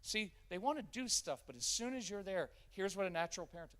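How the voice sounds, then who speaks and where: A man's voice: high-pitched, lively intonation, a little fast, fairly bright tone. A man in his fifties giving a live parenting workshop, joking and acting out parent-child dialogues. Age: 50s.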